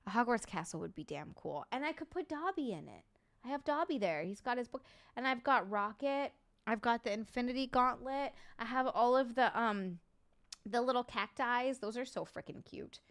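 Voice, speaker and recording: Bright, chatty woman livestreamer. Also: a little high, normal speed. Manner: chatty, swears freely, reads and thanks viewers; animated, sarcastic jokes. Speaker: livestream host. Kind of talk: casual live-chat stream.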